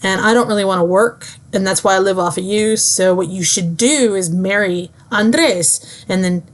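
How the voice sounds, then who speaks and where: A woman's voice: medium pitch, moderate pace, lightly acted. A woman voicing a lazy, freeloading young man who talks in an offhand way. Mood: scheming.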